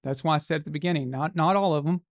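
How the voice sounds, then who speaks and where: A man with a fairly high voice and a gravelly, fried edge hosts a live show. He rants bluntly and casually about sports, swearing freely. The sound is dry and close. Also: very fast, dry recording.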